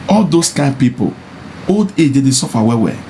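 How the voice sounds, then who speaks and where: A man with a Nigerian Pidgin accent preaching about marriage to men in a monologue. He repeats his points and rises into high mocking taunts. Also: sing-song, moderate pace, background noise. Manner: insistent and repetitive, mocking, rising to high taunts. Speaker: social media personality.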